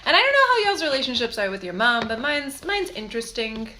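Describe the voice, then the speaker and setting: Young woman chatting, a bit high. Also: big pitch swings, bright, forceful tone, a little hiss or hum, low-quality recording. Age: young adult. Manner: chatty, giggly, halting with many fillers. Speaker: tarot co-host. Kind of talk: casual chat.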